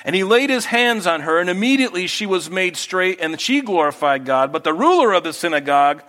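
A man preaching a sermon, who swings from loud, emphatic scripture reading to quiet, intimate asides. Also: high-pitched, lively intonation, fairly quick. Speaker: pastor.

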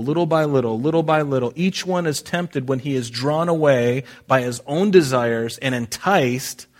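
A man's voice: mid-range voice, a bit bright. A man preaching a sermon in a conversational way, often restarting his sentences and repeating phrases. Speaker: pastor.

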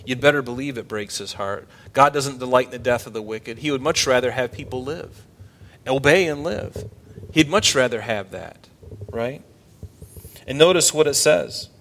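A man's voice: mid-range voice, lively intonation, normal speed, a bit bright. A male pastor preaching a sermon in an emphatic way, often asking his listeners rhetorical questions.

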